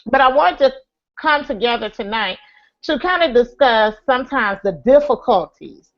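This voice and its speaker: A woman moderating a live online panel discussion, speaking with frequent pauses and fillers. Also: a little high, lively intonation. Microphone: video call. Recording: lo-fi web call audio.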